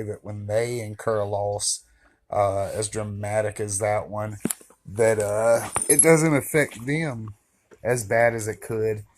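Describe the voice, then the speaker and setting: Talking to camera in a vlog, a man rambles through a casual monologue packed with fillers and joking asides, yet he stays candid and reflective. His voice is fairly low with a darkish tone.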